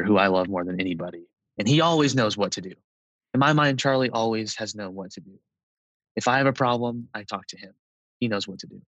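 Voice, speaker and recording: A young man in his twenties tells a story from his own life in a relaxed, conversational way. His voice sits fairly low, and he scatters "like" through his sentences and breaks into small laughs. The sound is dry and close, with no room around it. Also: dry recording, lo-fi sound. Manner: conversational, with frequent "like" and soft laughs. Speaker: storyteller recounting a personal experience. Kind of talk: casual personal storytelling.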